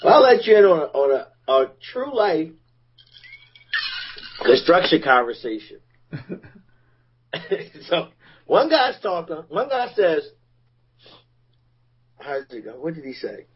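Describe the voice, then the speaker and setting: A man's voice: on the high side, sing-song, a little slow, pauses often, slightly rough, highs cut off. A man on a talk show casually telling a crude work anecdote, stumbling over his words. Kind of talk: casual chat.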